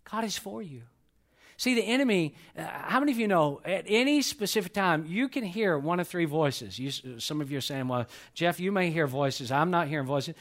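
A middle-aged man preaching a sermon to his church, swinging between loud emphatic peaks and soft hushed lows. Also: lively intonation, normal speed. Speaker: pastor. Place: church sanctuary.

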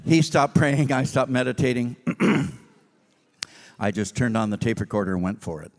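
Animated male preacher in a reverberant hall. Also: mid-range voice, normal speed. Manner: animated storyteller, acting out dialogue. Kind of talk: storytelling sermon.

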